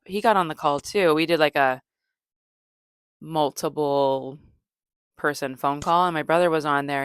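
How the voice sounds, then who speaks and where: A woman comedian hosting a podcast, telling stories in a deadpan, low-energy way, rambling with fillers and self-corrections. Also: clean tone, no room sound, clean studio sound. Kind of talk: casual storytelling monologue.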